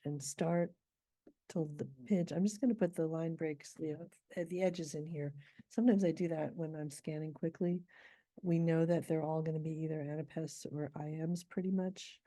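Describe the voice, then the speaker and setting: A middle-aged woman teaching how to scan poetry, thinking aloud and reading verse lines slowly and deliberately. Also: low-pitched, fairly even intonation, warm tone, no echo. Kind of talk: informal scansion lesson.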